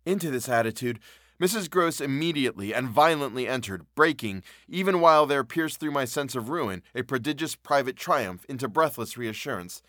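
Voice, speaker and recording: A man narrating a classic novel in a measured, expressive reading. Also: medium pitch, dry recording, clean studio sound. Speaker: audiobook narrator.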